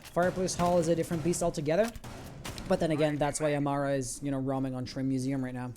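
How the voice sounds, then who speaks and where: A man giving live esports commentary, breaking down tactics and rising to excited calls on big plays. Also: a little high, fast, slight background noise. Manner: analytical, builds to excited shouts on big plays. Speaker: esports caster.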